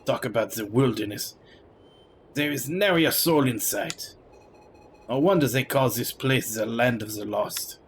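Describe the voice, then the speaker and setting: A man's voice: mid-range voice, measured pace, slight background noise, lightly acted. A man voicing a rude, scornful male knight with a put-on French accent, sneering as he reads game dialogue.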